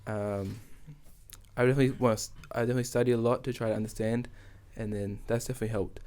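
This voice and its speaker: A man with a New Zealand accent, a guest in a casual interview, talking in a relaxed way and reading phrases slowly and carefully. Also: medium pitch.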